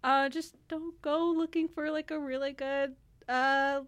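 Young woman, raised pitch, casual radio chat, rambling with fillers. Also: fairly even intonation, a little slow, fairly bright tone. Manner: chatty, lots of fillers and restarts, laughs easily. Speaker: theatre reviewer.

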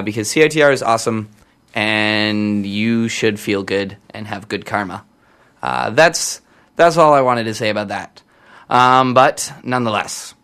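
A man's voice: mid-range voice, a bit bright, clean tone. A young man from Canada talking casually on air as a campus radio DJ, chatty and wandering off topic, correcting himself often. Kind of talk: rambling casual on-air chat.

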